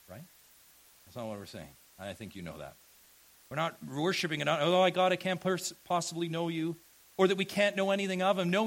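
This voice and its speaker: A man preaching a sermon, earnest and emphatic, asking his listeners rhetorical questions and swinging from quiet to loud. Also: medium pitch, rough recording. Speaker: pastor.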